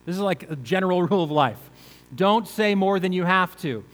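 A man's voice: sits high, expressive, brisk, fairly bright tone, in a large hall, low-quality recording. A male pastor preaching a conversational sermon, asking the listeners rhetorical questions.

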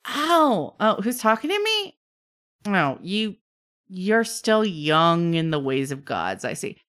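Trickster spirit, male, playful and bored, played by a woman, smooth voice, teasing drawl. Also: mid-range voice, sing-song, fairly bright tone. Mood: chatty. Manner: teasing, drawn-out, chatty with trailing fillers.

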